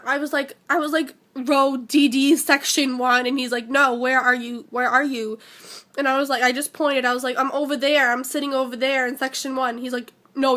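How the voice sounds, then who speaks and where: A teenage girl telling an excited personal story, gushing and filling every pause with "like," shaky and close to tears. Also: high voice. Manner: breathless, gushing, heavy use of "like". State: shaky and emotional, near tears. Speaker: vlogger.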